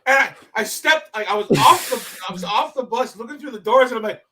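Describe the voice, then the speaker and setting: Animated, husky high-voiced man. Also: fast, hardly any pauses. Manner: animated storyteller, swears a lot, acts out quotes loudly. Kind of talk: casual chat.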